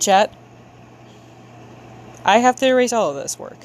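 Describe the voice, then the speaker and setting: A woman's voice: fairly high pitch, animated, a little slow, pauses often, darkish tone, a little hiss or hum. A young woman chatting casually with her viewers while she draws on a livestream, playful and slangy, making a show of being frustrated. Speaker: livestreamer drawing for chat.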